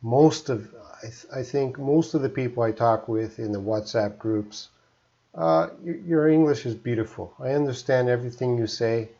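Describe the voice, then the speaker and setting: A man from Canada teaching English on a live stream, speaking slowly and deliberately and often checking that listeners follow. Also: mid-range voice, vocal fry, dark tone, dull audio. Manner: slow, deliberate teacher talk with frequent check-ins.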